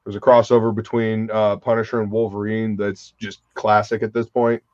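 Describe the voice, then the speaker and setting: A man's voice: on the low side, level tone, normal speed, darkish tone, no echo. A man hosting a live stream in casual chat, enthusiastic and swearing freely as he talks comics. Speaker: livestream host. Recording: slightly dull, lo-fi stream audio.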